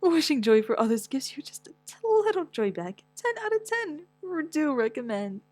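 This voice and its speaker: Animated young woman reading a manga. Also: no room sound. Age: young adult. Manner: animated, quick pitch swings, stammers, whiny wails. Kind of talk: expressive dramatic reading. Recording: dry close mic with faint music.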